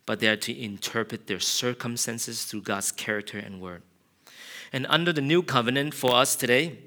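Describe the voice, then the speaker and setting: A man preaching an earnest, confessional sermon. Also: mid-range voice. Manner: earnest, confessional, builds to loud passionate shouting. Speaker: pastor.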